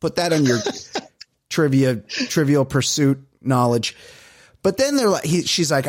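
A man co-hosting a podcast, telling stories in casual chat with animated, exasperated swearing. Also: on the high side, moderate pace, no echo, clean studio sound. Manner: animated, profane, exasperated storytelling. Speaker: podcast co-host.

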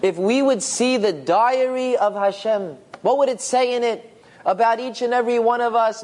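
A man telling a moral story as a sermon, with animated, dramatic delivery. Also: very high-pitched, normal speed. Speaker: storyteller, religious speaker.

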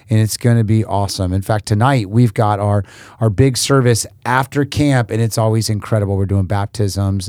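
Upbeat male pastor-host, warm dark tone, close dry mic. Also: lowish voice, no room sound. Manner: enthusiastic, chatty. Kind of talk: upbeat church podcast chat.

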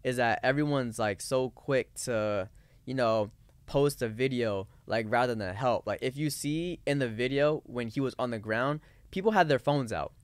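A man's voice: medium pitch, normal speed, clean tone, no room sound. A man co-hosting a casual podcast discussion, talking in rambling runs full of fillers and restarts. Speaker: podcast co-host.

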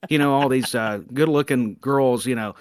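A man's voice: medium pitch, moderate pace, dry recording. A man co-hosting a casual wrestling podcast, joking about himself and stumbling over restarts. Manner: jokey, self-deprecating, stammers on restarts. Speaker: podcast co-host. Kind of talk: casual chat.

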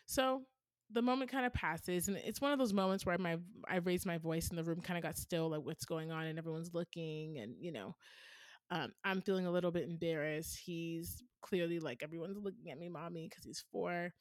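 Woman in her 30s hosting a podcast, low-ish voice, dry close sound, chatty and earnest, says "like" and "right?" a lot. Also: moderate pace, dry recording. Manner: earnest, storytelling, frequent fillers like "like" and "right?". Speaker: podcast host answering a listener question. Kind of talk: casual advice talk.

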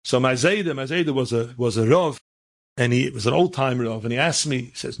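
A man's voice: medium pitch, brisk, vocal fry. A man, a rabbi, tells stories in a sermon and builds them into fervent, emphatic exhortation, peppered with Hebrew and Yiddish terms. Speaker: rabbi and speaker. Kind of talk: storytelling sermon.

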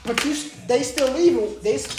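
A woman hosting a casual podcast chat, asking questions and trailing into soft asides. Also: high-pitched, normal speed, echoey room, noisy background.

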